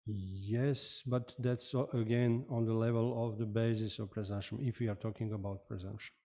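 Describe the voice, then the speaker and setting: A man's voice: on the low side, fairly even intonation, moderate pace, mellow. A man testifying as an expert witness, giving brief, matter-of-fact answers. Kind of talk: formal testimony.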